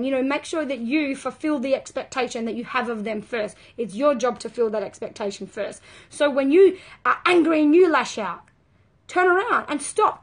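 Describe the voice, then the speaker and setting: High-pitched aussie mum coaching parents on a live stream, earnest and emphatic. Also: female voice. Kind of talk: live video talk to viewers.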